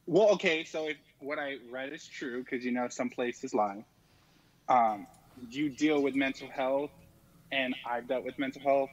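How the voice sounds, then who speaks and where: A male caller on a phone line, his voice at an ordinary middle pitch. He talks casually and loosely, leaning on fillers as he goes. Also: fairly even intonation, a little slow.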